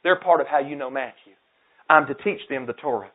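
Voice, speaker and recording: A man preaching a sermon with fervent exhortation that swings between loud calls and hushed emphasis. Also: mid-range voice, brisk. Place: outdoor camp meeting in the woods. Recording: tinny phone-like sound.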